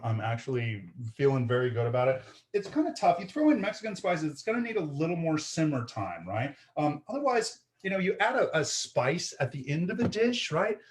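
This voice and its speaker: A man's voice: a little high, slight background noise. A man hosting a live home cooking show, chatting casually as he explains each step and often checking in with "right?" and "okay?". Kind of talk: live-streamed cooking demonstration. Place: home kitchen.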